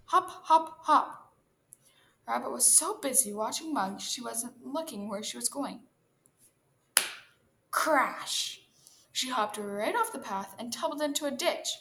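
A woman reading a children's story aloud in a gentle, expressive manner. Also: fairly high pitch, moderate pace, vocal fry, few pauses, a little hiss or hum.

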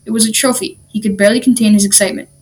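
A woman reading a children's storybook aloud in an animated, expressive way. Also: fairly high pitch, very fast.

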